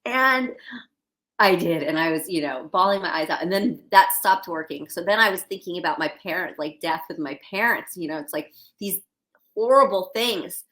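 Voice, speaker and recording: A woman's voice: fairly low pitch, moderate pace, a bit bright. A middle-aged woman talking candidly as a podcast guest, chatty and laughing often. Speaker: guest actress. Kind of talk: casual podcast chat.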